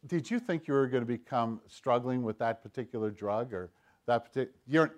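Man preaching with loud and hushed swings. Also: expressive, brisk. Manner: preaching with big swings between loud emphatic lines and hushed low asides; acts out Satan's voice in quoted lines. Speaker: pastor. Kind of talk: sermon.

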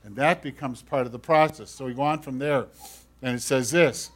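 A man preaching a sermon, earnest and pleading, swinging from loud emphasis to hushed asides and asking his listeners direct questions. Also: medium pitch, moderate pace. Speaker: pastor.

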